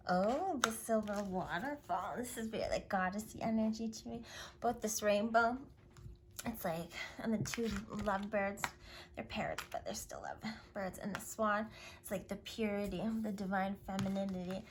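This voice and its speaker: A woman's voice: medium pitch, moderate pace. Effusive woman giving a tarot reading. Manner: effusive, affirming, drifting into whispers. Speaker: tarot reader. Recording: steady hiss and clicks.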